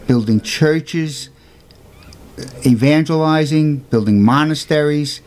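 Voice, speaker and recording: A man's voice: slow, a little mellow. A man telling the story of a saint in an informal, earnest way, with emphatic rhetorical questions. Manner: earnest, emphatic, rhetorical questions, raises pitch for quoted voices. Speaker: storyteller presenting a saint's life.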